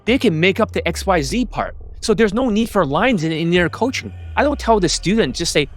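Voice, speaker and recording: A middle-aged dating coach rants straight to camera, swearing freely and punching his words with rising pitch. His voice sits a little high for a man. Faint music plays underneath. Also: sing-song, fairly quick, few pauses. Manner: profane, emphatic, stresses words with rising pitch. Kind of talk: ranting monologue to camera.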